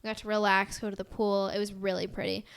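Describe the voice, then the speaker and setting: A woman's voice: medium pitch, completely flat delivery, fast, vocal fry, smooth. A young woman with an American accent, co-hosting a podcast in bubbly casual chat, full of "like" and giggles. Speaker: podcast co-host.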